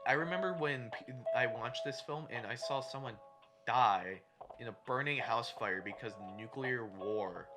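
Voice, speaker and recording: A man's voice: mid-range voice, normal speed, music in the background. A man co-hosting a podcast in casual chat, recapping a movie in a profane, ranting way. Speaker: podcast co-host.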